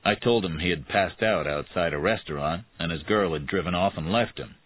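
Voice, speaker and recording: Deep, husky male storyteller. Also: a little fast. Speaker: narrator. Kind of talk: scripted narration of a graded reader. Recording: tinny phone-like sound.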